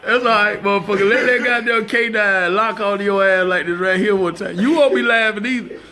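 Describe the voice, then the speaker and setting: A man's voice: high-pitched, brisk, bright, forceful tone, a little hiss or hum. A man telling a story to a phone camera, emphatic and profane, laughing often. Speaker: storyteller recounting a police dog bite.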